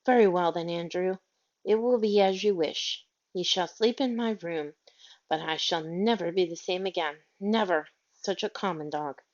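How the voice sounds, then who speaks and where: A woman reading a storybook, lightly acted at normal speed, voices a fussy, haughty older lady who is tearful and frets shrilly over her dog, prone to wailing. The recording is dull and lo-fi.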